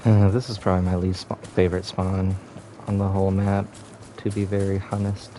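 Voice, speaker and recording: A man's voice: sits low, monotone, brisk, mellow, faint music behind. A young man streaming a game, giving laid-back casual commentary and humming between remarks.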